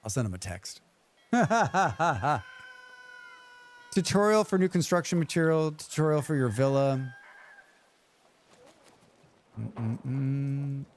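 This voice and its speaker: A man's voice: a little high, expressive, measured pace, long pauses, slight background noise. A man streaming a game, chatting casually and muttering questions and reactions at the screen. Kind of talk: casual gaming commentary.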